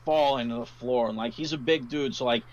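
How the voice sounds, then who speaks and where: A man's voice: mid-range voice, a little fast, muffled recording. Guy dming a tabletop game, loose rambly narration, lots of likes and ums. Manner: loose, rambling, many fillers. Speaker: game master.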